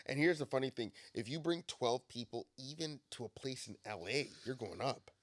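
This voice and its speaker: A man's voice: medium pitch, animated, moderate pace, dry recording, clean studio sound. Blunt, profane man reacting. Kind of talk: casual chat, reacting.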